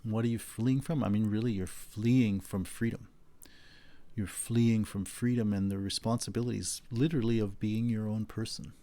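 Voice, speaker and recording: A middle-aged man with a fairly low voice, giving a philosophy lecture. He talks in an easygoing, conversational way. He often stumbles and restarts his sentences as he thinks aloud. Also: fairly even intonation, moderate pace, dark tone. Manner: conversational, repeats words while searching for phrasing. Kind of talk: university lecture.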